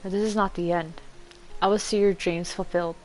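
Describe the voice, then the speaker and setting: A woman's voice: fairly low pitch, fairly even intonation, a little fast, a little mellow, soft background music, close to an everyday voice, low-quality recording. Woman reading as a solemn grieving father.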